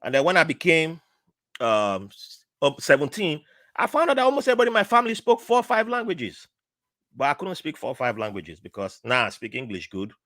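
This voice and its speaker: A man's voice: fairly quick, no room sound, clean studio sound. A middle-aged man with a Nigerian accent, a podcast guest telling stories in casual conversation and acting out the people he quotes. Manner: animated, acts out quoted voices with big pitch jumps.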